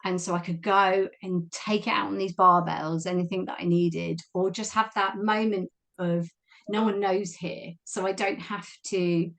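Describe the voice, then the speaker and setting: Woman, forties, interview guest; candid and reflective, warm laughs between thoughts. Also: lowish voice, gravelly. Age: 40s. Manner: open, reflective, laughs easily. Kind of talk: candid personal conversation.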